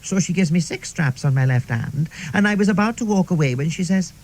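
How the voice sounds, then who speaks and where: A man's voice: sits high, expressive, a little fast, a little mellow, rough recording. A man playing a chatty, middle-aged Welsh woman in a radio comedy monologue, who tells rambling stories sprinkled with "like" and "see". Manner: rambling, confiding, peppered with "like" and "see".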